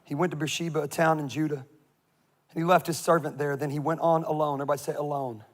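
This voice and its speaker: Male pastor, high-pitched, funny animated sermon storyteller, shifts between loud punches and soft asides. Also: fast. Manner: swings from loud emphasis to quiet asides.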